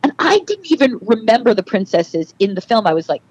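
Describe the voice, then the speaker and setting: A middle-aged actress chatting as a podcast guest, telling animated stories and acting out quoted dialogue. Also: female voice, a little high, fairly quick, breathy edge, rough recording. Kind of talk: casual interview.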